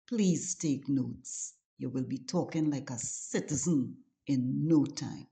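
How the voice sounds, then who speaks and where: A Trinidadian woman hosting her own channel, slowly and deliberately teaching local dialect. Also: a bass voice, creaky, dark tone. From Trinidad and Tobago. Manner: slow, deliberate and instructive. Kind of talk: scripted lesson narration.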